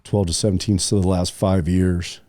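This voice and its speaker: A man's voice: low voice, level tone, normal speed, mellow, no echo, studio quality. A middle-aged man telling a personal story in casual podcast chat, rambling with many fillers and restarts, sometimes choked up. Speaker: podcast co-host.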